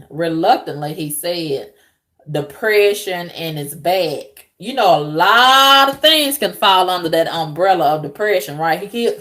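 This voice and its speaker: A woman vlogger ranting to camera with profane, animated storytelling, laughing at her own jokes. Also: mid-range voice. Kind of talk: unscripted rant to camera.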